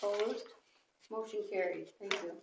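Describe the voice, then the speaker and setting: A woman chairs a small-town council meeting, moving briskly through the motions and votes. Her voice is picked up from some distance in an echoey chamber, with loud background noise underneath. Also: mid-range voice, fairly even intonation, vocal fry. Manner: brisk and procedural, calling motions.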